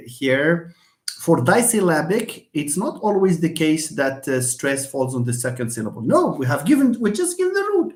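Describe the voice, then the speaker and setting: A man's voice: fairly high pitch, darkish tone. Man teaching English online. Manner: explains patiently, repeats examples, answers students by name. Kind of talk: live online lesson. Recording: echoey room.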